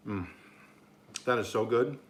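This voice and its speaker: A man's voice: medium pitch, takes it slowly, slight background noise. A man from Oklahoma chatting his way through a casual cooking vlog, rambling and amused at himself. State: talking with mouth full at times. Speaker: cooking vlogger.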